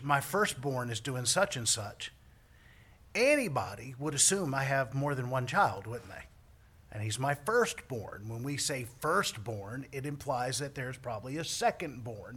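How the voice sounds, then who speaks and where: Husky man preaching a sermon. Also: medium pitch, pushed and bright. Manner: joking, self-deprecating asides to the congregation. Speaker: priest.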